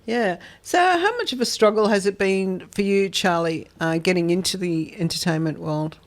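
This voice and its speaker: A woman's voice: medium pitch, moderate pace. Woman radio host, easy and encouraging. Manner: encouraging, frequent short affirmations. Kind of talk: casual radio interview.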